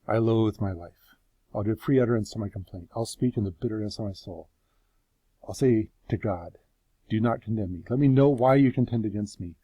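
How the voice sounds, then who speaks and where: A man's voice: lowish voice, moderate pace, warm tone, no room sound, dull audio, natural voice. A man voicing a suffering man who pleads his innocence before God, passionate and bitter. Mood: anguished.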